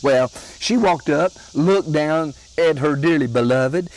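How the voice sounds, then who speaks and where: A man's voice: fairly high pitch, darkish tone, poor audio. Drawling Southern storyteller, older man. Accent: Southern American. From Alabama. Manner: slow, drawling delivery with chuckles. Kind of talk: folksy humorous storytelling.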